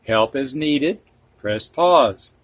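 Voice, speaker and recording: A man teaching a reading lesson, reading words slowly and repeating them, with patient explanations for teachers. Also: mid-range voice, expressive, no room sound. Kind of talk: slow spoken reading lesson.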